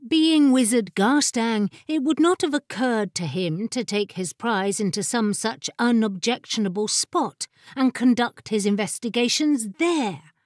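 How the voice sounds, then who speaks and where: A woman narrating a fantasy audiobook in a measured, expressive storytelling manner. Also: a little high, no echo, clean studio sound. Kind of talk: scripted narration.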